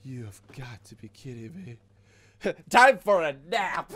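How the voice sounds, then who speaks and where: A man streaming a video game, giving casual, excitable commentary full of swearing and jokes. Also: mid-range voice, slow. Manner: excitable, profane, joking.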